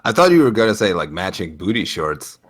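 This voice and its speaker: With a low voice that swings widely in pitch and moves fairly quickly, a man co-hosts a laid-back podcast. His storytelling is crowded with fillers and punctuated by frequent laughter.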